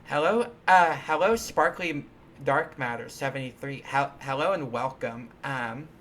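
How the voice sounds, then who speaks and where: A man's voice: medium pitch, measured pace, fairly bright tone, a little hiss or hum. A man hosting a live stream, chatting casually while coding, rambling and playful, with many restarts and fillers. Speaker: livestream host.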